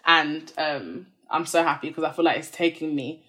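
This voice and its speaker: A woman's voice: low-pitched, moderate pace, fairly bright tone. A woman in her twenties, a podcast guest candidly telling a personal story in a chatty, earnest way, full of "like" fillers.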